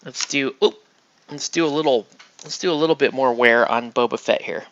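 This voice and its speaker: A man with a medium-pitched, slightly bright voice talks briskly while painting miniatures, in audio with the highs cut off. His casual chat rambles, restarts sentences, and includes some mild swearing.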